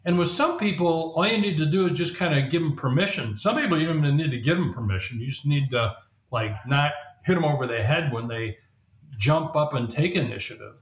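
A man's voice: a little high, lively intonation, a little fast. Man explaining in a roomy, dull recording. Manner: explanatory, acts out quoted voices. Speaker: guest, leadership coach and author. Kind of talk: conversational podcast interview.

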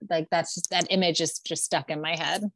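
A woman's voice: low-pitched, fairly even intonation, a little fast, a bit bright, no echo. A woman co-hosting a casual podcast, giving frank, chatty opinions on reality TV. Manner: chatty, frank, uses many "like" fillers. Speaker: podcast co-host. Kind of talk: casual reality TV recap chat.

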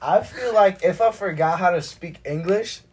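A young adult host rattles off a story for friends, swearing freely and acting out every beat. The voice sits at an ordinary middle pitch and sounds relaxed and conversational. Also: normal speed, slightly rough. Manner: profane, animated anecdote telling. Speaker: podcast host. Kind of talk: casual storytelling chat.

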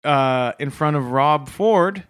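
A man's voice: on the high side, takes it slowly, fairly bright tone, smooth. A young Canadian man co-hosting a comedy podcast, telling stories with dry, sardonic humor. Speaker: podcast co-host. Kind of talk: casual comedic chat.

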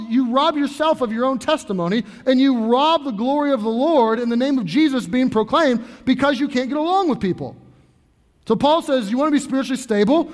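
A man in his thirties preaches from the pulpit with a notably high voice. He talks earnestly and conversationally, stumbling and restarting phrases. A long reverb trails behind him in the church. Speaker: pastor. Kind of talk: sermon. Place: church sanctuary.

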